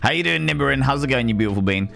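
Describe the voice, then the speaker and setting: A man's voice: mid-range voice, expressive, very fast, vocal fry, bright, forceful tone. A man chatting casually with his viewers on a live stream, greeting them by name and rambling playfully between topics.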